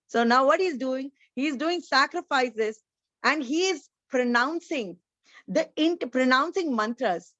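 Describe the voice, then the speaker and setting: A woman's voice: a little high, dry recording, dull audio. A woman giving an online scripture lecture, explaining each point earnestly, like a teacher.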